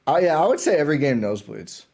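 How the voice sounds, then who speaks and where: A man guesting on a sports podcast, talking like an excited fan and often restarting his sentences. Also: on the high side, quick pace, gravelly. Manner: enthusiastic fan, rambling with restarts. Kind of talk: casual sports chat.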